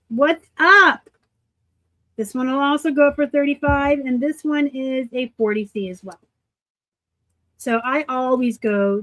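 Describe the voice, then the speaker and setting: A woman's voice: a little high, no room sound. Chatty woman reseller, dry close sound. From Arizona. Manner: chatty, laughs easily, self-deprecating asides. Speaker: reseller host. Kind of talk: casual live unboxing chat.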